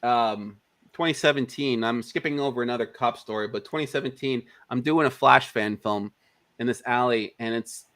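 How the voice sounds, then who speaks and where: A man at a middle pitch tells casual stories as an interview guest. He is animated and switches into quick voices for the people in his stories. The sound is a live stream call. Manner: animated anecdote teller who acts out quotes. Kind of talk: casual storytelling.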